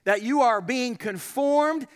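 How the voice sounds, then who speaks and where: High-voiced preacher in a reverberant hall. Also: male voice, slow, clean tone. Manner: earnest, emphatic preaching with frequent rhetorical questions. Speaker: pastor. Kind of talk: sermon.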